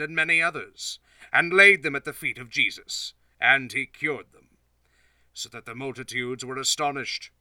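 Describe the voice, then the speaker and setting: A man reading scripture aloud as scripted narration, in a steady, formal way. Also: fairly high pitch, dry recording, recorded from a distance. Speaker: scripture reader.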